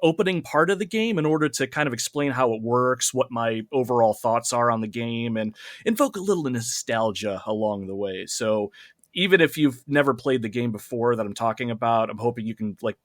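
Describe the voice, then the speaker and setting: A man's voice: mid-range voice, lively intonation, a little fast, no room sound, clean studio sound. A man guesting on a podcast, chatting in an upbeat, self-deprecating way. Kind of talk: casual podcast chat.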